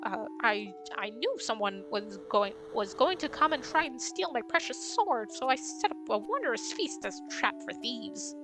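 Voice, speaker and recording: A woman's voice: fairly high pitch, very animated, moderate pace, hardly any pauses, over music. A woman voicing a delicate, fretful female mouse who melodramatically begs heroes for help in a game. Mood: pleading dramatic. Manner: melodramatic, pleading.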